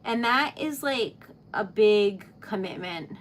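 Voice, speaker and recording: Young woman streamer, slow, giggly, rambling casual chat, light room hiss. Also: medium pitch, animated. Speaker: livestream host. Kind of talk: casual chat while crafting.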